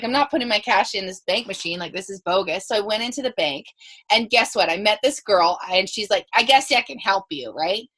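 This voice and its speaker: Animated woman coaching her team. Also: medium pitch. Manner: animated storytelling, quoting herself and others. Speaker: team leader on a training call. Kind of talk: coaching talk with acted-out dialogue. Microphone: call recording.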